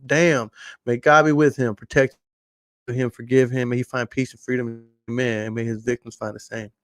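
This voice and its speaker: A Texan man hosting a late-night podcast, talking loosely and profanely. He loops back on his words for emphasis and spins stories at an easy middle pitch. The sound is dry and close. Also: level tone, normal speed, a bit bright, no room sound. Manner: profane, storytelling, repeats phrases for emphasis. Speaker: podcast host.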